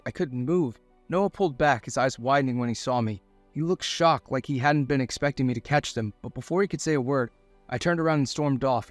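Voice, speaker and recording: A man's voice: mid-range voice, no room sound. A young man reading a first-person romance story aloud in an earnest, emotional way. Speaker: narrator.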